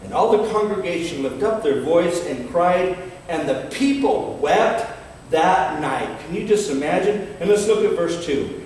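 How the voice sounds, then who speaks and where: An older man preaching a sermon in a fiery, dramatic way, reading scripture slowly and emphatically and swinging between loud and quiet. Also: on the high side, expressive. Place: large church hall. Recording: echoey hall from far off, faint background noise.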